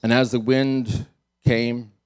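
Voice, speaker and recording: Lively male pastor preaching with amusement. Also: medium pitch, takes it slowly, clean tone. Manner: animated, amused storytelling with frequent chuckles. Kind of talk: sermon.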